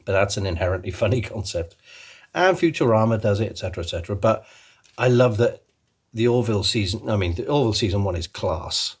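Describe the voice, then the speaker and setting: Guy with a low husky voice rambling happily to camera, lots of ums. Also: lively intonation, a little fast. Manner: rambling and enthusiastic, many ums and restarts. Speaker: channel host. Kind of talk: casual chat.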